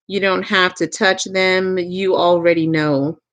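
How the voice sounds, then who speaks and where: A Southern US woman doing a live tarot reading as a medium speaks at a fairly low pitch with fairly even intonation. She is calm and slow, goes over the same phrases again, and laughs softly from time to time.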